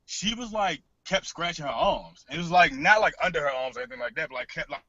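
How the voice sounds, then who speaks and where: A man co-hosting a podcast, telling a story in casual chat, cursing freely and animated. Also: fairly high pitch, fast talker, no echo. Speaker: podcast co-host. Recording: dull lo-fi podcast recording.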